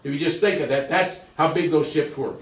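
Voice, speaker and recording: An older man talks to a museum audience in a loose, folksy way, circling back and repeating himself as he explains each slide. His voice sits a bit high for a man. He is caught from a distance in a roomy hall with plenty of echo. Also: brisk. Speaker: museum speaker giving a talk. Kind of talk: informal slide lecture to a group. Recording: echoey room, voice from a distance.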